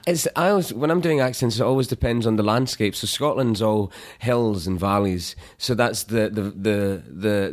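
A young Scottish man, an actor, talking thoughtfully in a relaxed interview, with halting restarts and easy laughs. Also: lowish voice. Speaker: actor guest.

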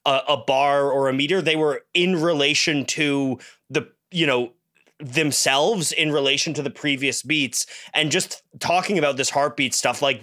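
A man's voice: mid-range voice, bright, forceful tone. A man co-hosting a podcast, rambling casually with many fillers. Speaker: podcast co-host.

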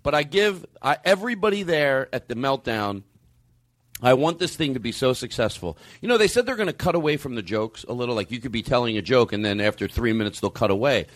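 A man hosting a comedy podcast, telling stories in a loose, profane, animated way that swings between loud and quiet. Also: mid-range voice, brisk, dry recording, studio quality. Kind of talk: casual comic storytelling.

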